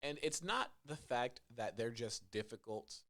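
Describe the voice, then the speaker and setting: A young man talks games on a casual podcast with a lively, swooping delivery. He rants with humor and breaks into squeaky impressions of game characters. His pitch sits at an ordinary middle height. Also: a little slow. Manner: animated, jokey, mimics game characters in high voices. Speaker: podcast co-host. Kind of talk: casual gaming podcast chat.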